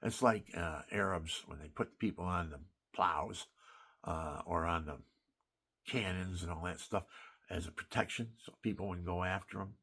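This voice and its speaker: A man's voice: low-pitched, moderate pace, a bit bright, slightly rough. An older man, a military veteran, telling war stories in a rambling, emphatic spoken monologue that wanders and restarts.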